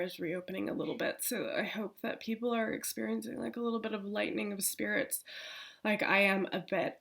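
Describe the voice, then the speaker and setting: A woman talking casually to the camera from a room in her apartment, chatty, laughing often and swearing freely. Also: medium pitch. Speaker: vlogger.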